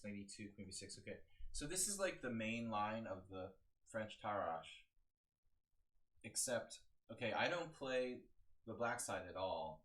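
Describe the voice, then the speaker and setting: A man's voice: on the low side, a bit bright. A man analyzing a chess game on a live stream, talking casually and thinking aloud with lots of fillers and restarts.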